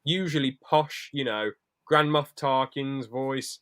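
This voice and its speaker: A man's voice: medium pitch, slow, fairly bright tone, no room sound. A man co-hosting a podcast in casual chat, rambling with sweary, jokey asides. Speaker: podcast co-host.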